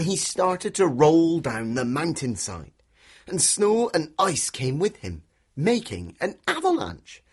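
Animated man telling a children's story. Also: fairly high pitch, takes it slowly, a little hiss or hum. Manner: animated, inviting listeners to join in. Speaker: storyteller guide for a children's walk.

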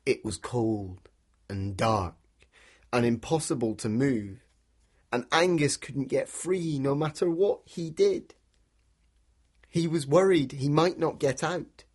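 A man's voice: mid-range voice, slow pace, pauses often, a little mellow, breathy edge. A man, telling an interactive children's story and inviting listeners to join in. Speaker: storyteller guide for a children's walk.

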